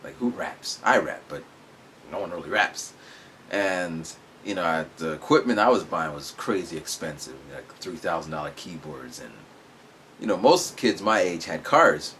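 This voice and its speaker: Lively low-voiced man telling his story. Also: normal speed, a little hiss or hum. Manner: animated, acts out voices of others. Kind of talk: casual storytelling.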